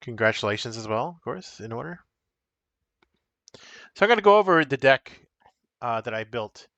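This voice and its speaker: A man's voice: medium pitch, big pitch swings, moderate pace, a bit bright, no room sound, highs cut off. A man casually chatting on a live stream as he shows and explains the cards of a solo card game, rambling and correcting himself as he goes.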